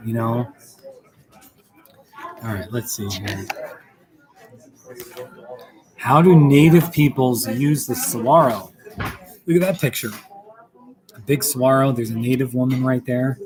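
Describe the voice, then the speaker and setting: A man reads aloud from a book in a casual, chatty way, stopping now and then to remark on the pictures. His voice sits at an ordinary middle pitch. A busy café crowd chatters clearly behind him. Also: takes it slowly, long pauses, rough recording. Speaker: host. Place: coffee shop.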